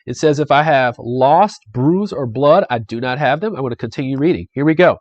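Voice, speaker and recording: A man's voice: mid-range voice, brisk, few pauses, dry recording. Chatty man streaming a board game. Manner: upbeat, chatty, talks to viewers. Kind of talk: casual live-stream playthrough commentary.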